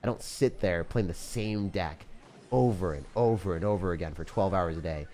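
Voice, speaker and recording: A man's voice: low-pitched, normal speed, warm tone, a little hiss or hum. Laid-back young man chatting on stream. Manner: chatty and laid-back, says dude and bro, laughs often. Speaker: game streamer. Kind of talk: casual live-stream chat.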